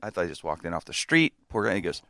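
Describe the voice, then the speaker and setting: An animated man spins a long story in casual chat, his pitch leaping around as he shouts out quoted lines and laughs. His voice is bright and forward, recorded dry and close. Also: quick pace, vocal fry, no room sound. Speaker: podcast host.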